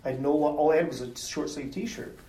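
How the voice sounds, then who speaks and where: A middle-aged man telling a story as a podcast guest, animated and quick to laugh, acting out the people he quotes. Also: fairly high pitch, distant mic. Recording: roomy sound from off mic.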